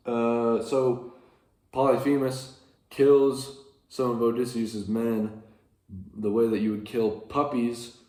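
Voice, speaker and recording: A man's voice: mid-range voice, a little mellow. A man casually retelling an ancient epic as a lecture, rambling and correcting himself, with dry asides. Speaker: teacher retelling a classic epic. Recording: echoey room.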